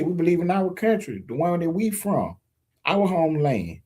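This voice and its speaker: A man's voice: fairly high pitch, very animated, normal speed, warm tone, breathy edge. Emphatic man preaching to his viewers. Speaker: political commentator. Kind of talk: direct-to-camera opinion monologue. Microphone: streaming setup mic.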